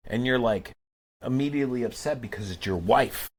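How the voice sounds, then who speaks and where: A man's voice: mid-range voice, moderate pace. A man co-hosting a podcast, talking earnestly and emphatically in a candid conversation. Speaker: podcast co-host.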